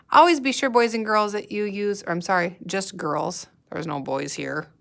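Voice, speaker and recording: A woman teacher speaks at an unhurried, deliberate pace, walking young readers through new words one sound at a time. She stretches words out, repeats them and leaves pauses for the children to answer. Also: medium pitch, creaky, fairly bright tone. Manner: slow, patient, sounding out words and pausing for answers. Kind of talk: recorded guided-reading lesson for young students.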